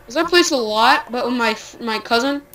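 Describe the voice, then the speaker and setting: A young woman talks fast and loose over a game, excitable and quick to trash-talk. Her voice sits a little high, and she stammers whenever things get hectic. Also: soft background music, low-quality recording. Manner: excitable, trash-talking, stammers when flustered. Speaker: gamer. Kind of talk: casual gaming chat.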